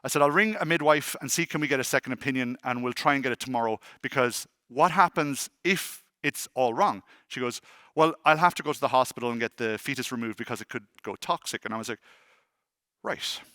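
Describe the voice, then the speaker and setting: A man, in his thirties or forties, giving a conference talk as an animated, self-deprecating storyteller who acts out the dialogue. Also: medium pitch, fairly quick, no echo, studio quality. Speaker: conference speaker. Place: conference hall stage.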